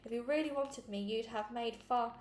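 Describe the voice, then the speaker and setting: A woman's voice: a little high, normal speed, a little mellow, natural voice. A woman voicing a defiant, sulky young girl in foster care in a storybook reading. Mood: resentful. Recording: echoey room, faint noise.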